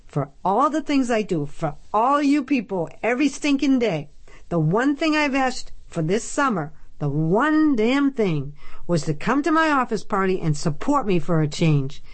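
A woman's voice: mid-range voice, animated, a little slow, few pauses, no room sound, close to an everyday voice. A woman voicing a hurt, furious middle-aged mother who speaks in bitter, clipped lines.

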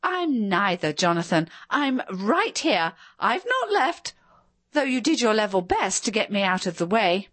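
A woman voicing the shrill, nagging ghost of a dead wife in a spoken story, scolding in a high screech. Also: very animated, a little slow, a bit bright, dry recording. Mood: indignant. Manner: scolding, indignant.

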